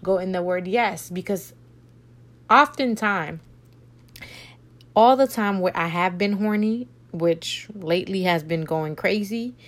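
A woman hosting her own faith podcast, talking in an animated, playful way with slangy asides. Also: mid-range voice, takes it slowly. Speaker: podcast host. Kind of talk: casual faith talk podcast.

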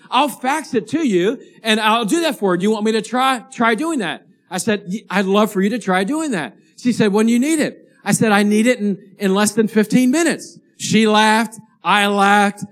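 High-voiced animated male pastor. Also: moderate pace. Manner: animated storyteller, rising to excited shouting at the climax. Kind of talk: sermon with storytelling.

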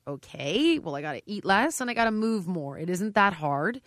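Recorded in studio quality with no echo, a middle-aged fitness trainer gives a conversational interview at normal speed. Her medium-pitched voice is emphatic and direct, and she animates the dialogue she quotes.

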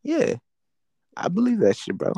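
A young man hosting a podcast, talking casually in a halting, rambling way, often searching for words. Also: high-pitched, huge pitch swings, mellow, husky, no echo. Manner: rambling, halting, many fillers and restarts. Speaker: podcast host. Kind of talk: casual chat.

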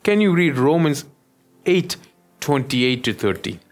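A pastor preaching a sermon, often stopping to check that the listeners follow him. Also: male voice, mid-range voice, sing-song, a little slow. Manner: keeps checking in with the listeners, asking "yes?".

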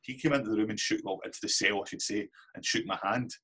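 Brief: Scottish man, low husky voice, candid anecdotal guest. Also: quick pace, sharp tone. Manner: candid anecdotal storyteller, swears casually. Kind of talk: casual storytelling interview.

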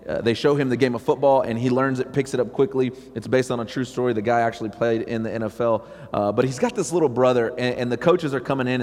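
A man preaching a sermon as pastor, talking conversationally and acting out quotes, with sudden loud rises. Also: medium pitch. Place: church sanctuary. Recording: long reverb of a church hall.

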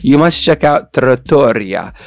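A man's voice: medium pitch, lively intonation, measured pace, gravelly, no echo. A man hosting a radio show in casual, joking chat, with playful banter and repeated catchphrases.

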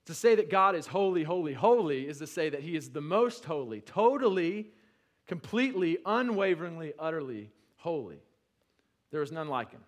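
A male pastor preaching a sermon, conversational with restarts, building to loud emphatic peaks and then dropping low. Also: lively intonation, moderate pace.

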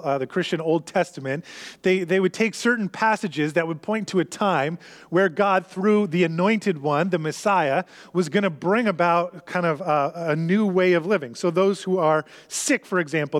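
A man with a fairly high voice delivers a sermon. He teaches earnestly, leaning on emphasis and repeating his key points. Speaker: pastor.

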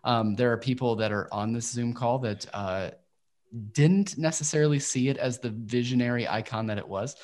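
A man's voice: mid-range voice, normal speed, darkish tone. Chatty man hosting a podcast. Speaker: podcast host. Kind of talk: casual podcast discussion. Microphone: remote call microphone.

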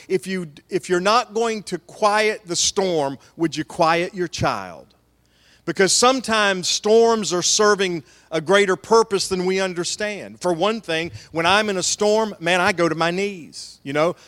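A man's voice: high voice, a bit bright. A man preaching a sermon as the pastor, telling stories with folksy asides. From American South. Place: church sanctuary. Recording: long church hall reverb.

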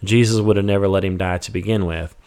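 Speaking quickly in a low voice, this man teaches a relaxed Bible study. He reads scripture, then puts it in simple, ordinary words, dropping fillers like "um" and "you know".

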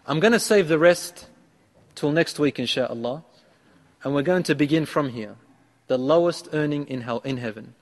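A man's voice: medium pitch, long reverb tail. A man preaching a sermon, who retells a story and acts out the lines of the man in it.

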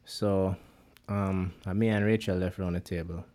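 Jamaican male co-host, mellow and low, loose patois chat full of fillers. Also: level tone, moderate pace. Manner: rambling Jamaican patois speech, many fillers. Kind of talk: casual chat.

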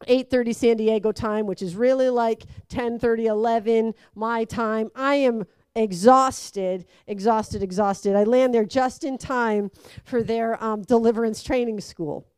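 Lively storytelling woman, smooth dry voice. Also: fairly high pitch, moderate pace, dry recording. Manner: lively, acts out quoted voices, laughs through it. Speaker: speaker telling a personal story. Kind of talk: animated personal storytelling.

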